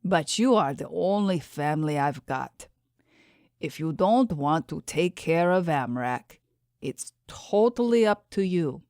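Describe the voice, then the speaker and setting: A gentle, dying old tribal leader speaks weakly and solemnly, slow and low, as a woman reader puts him on. The audiobook voice sounds close and dry. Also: expressive, no room sound. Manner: weak, tender, solemn.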